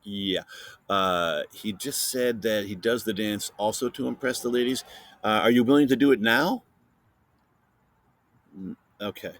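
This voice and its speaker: A man hosting a casual science podcast for kids, playfully interviewing a silent guest and filling pauses with chatter. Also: lowish voice, a bit bright, no echo. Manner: chatty with many fillers. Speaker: podcast host.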